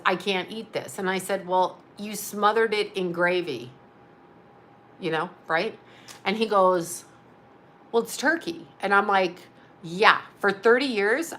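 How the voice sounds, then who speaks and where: Chatty rambling woman with a bright voice. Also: mid-range voice. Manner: chatty, rambling, laughs often, does voices of others. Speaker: host. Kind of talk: casual storytelling monologue.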